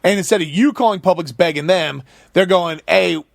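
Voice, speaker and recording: A man on a podcast as a guest, telling business stories in a lively, animated way and acting out quotes. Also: high-pitched, a little fast, no echo, clean studio sound. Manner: animated, storytelling with acted-out quotes. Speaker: guest, food company founder. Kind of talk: casual podcast chat.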